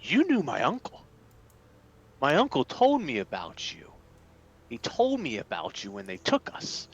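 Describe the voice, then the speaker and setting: A man's voice: mid-range voice, wildly swooping pitch, a little slow, husky, lo-fi sound, pitched above the performer's own voice, full character voice. A man voicing a suspicious young male wizard who escaped captivity, talking urgently with stammers.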